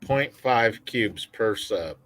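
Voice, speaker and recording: Guest, male, mid-pitched, slow and laid-back, plain technical talk. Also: lively intonation, a bit bright. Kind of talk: casual chat on a live stream.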